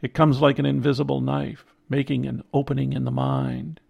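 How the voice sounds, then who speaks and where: An older man narrating a reflective personal essay in a measured, contemplative way. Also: mid-range voice, flat delivery, gravelly, a little mellow, husky.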